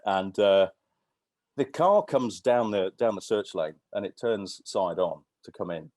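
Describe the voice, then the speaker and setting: A man's voice: fairly low pitch, lively intonation, measured pace, darkish tone, no echo. A man in his fifties, a podcast guest, telling anecdotes in a rambling, casual way with lots of restarts. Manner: rambling, with many restarts and fillers. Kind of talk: casual storytelling chat.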